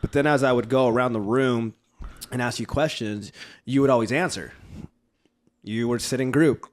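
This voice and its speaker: A man's voice: medium pitch, moderate pace. A man guest on a podcast, chatting casually in a rambling, filler-heavy, friendly way. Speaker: guest, recovery event organizer. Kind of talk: casual conversation.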